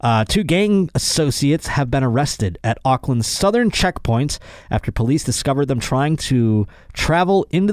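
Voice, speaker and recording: A man's voice: medium pitch, darkish tone, no room sound, clean studio sound. A young man hosting a comedic news podcast, reading odd crime stories and riffing on them with sarcastic, exasperated asides. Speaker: podcast host.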